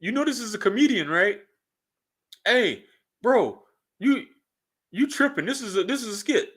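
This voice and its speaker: A man's voice: high voice, animated, normal speed, a bit bright, voice pushed up. A man mimicking a smug know-it-all guy. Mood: mocking. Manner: mocking, condescending, repetitive. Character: smug male know-it-all commenter, self-assured.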